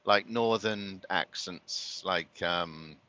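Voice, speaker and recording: A London vlogger with a London accent rambles casually while driving, laughing often. His voice is low and bright with a pushed quality, and he speaks very slowly.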